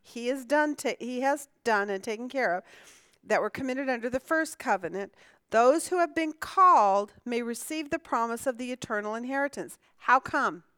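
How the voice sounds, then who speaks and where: A woman's voice: a little high, expressive, normal speed, a bit bright, clear, resonant tone, no room sound. A woman teaching a conversational Bible lesson. She asks the class questions, answers them herself and often restarts her sentences.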